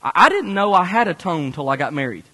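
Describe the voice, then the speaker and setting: A married male pastor gives a lively, conversational sermon with a fairly high voice. His words carry a long, ringing reverb from a large church hall. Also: fast, husky. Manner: animated, conversational preaching.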